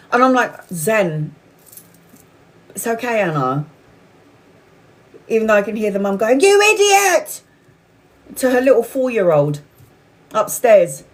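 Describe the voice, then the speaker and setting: Forties woman, spiritual livestream host: frank, sweary, animated, pitched a touch high. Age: 40s. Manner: candid, swearing, animated storytelling. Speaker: tarot reader livestream host. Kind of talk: casual spiritual chat.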